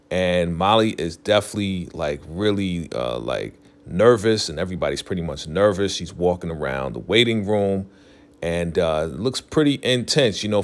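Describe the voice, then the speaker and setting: A man giving a casual episode recap, retelling loosely with lots of fillers like "definitely" and "you know.". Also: low voice. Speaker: TV recap vlogger.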